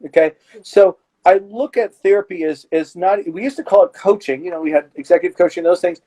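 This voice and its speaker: A middle-aged man, a therapist, talking casually in an interview and telling stories with lively acted-out exchanges. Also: high-pitched, brisk, poor audio. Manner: animated storyteller who acts out his patients' voices.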